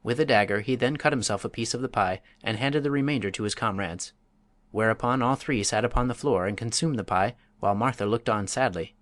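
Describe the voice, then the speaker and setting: A man narrates a classic story aloud at a measured, even pace. His voice sits mid-range, neither high nor low. The recording is dry and close, with no room sound. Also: no echo. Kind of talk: audiobook narration.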